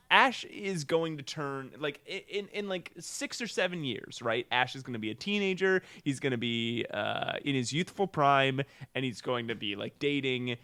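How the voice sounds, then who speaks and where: A man co-hosts a comedy podcast, rambling through bits with lots of laughter. His voice sits a little high and leaps around a lot. The sound is dry and close. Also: bright, forceful tone, no echo. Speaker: podcast co-host.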